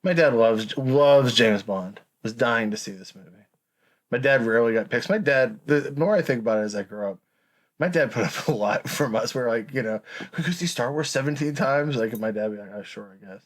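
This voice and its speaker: A man's voice: medium pitch, fairly quick. Guy on a movie podcast, just rambling through a story, laughs mid-sentence. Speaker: podcast co-host. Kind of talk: casual chat.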